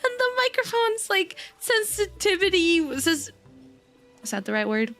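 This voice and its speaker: High, bright, giddy streamer woman. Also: very animated, moderate pace, soft background music. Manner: giddy and hyper, laughing often. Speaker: VTuber streamer. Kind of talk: casual livestream chat. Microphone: desk microphone.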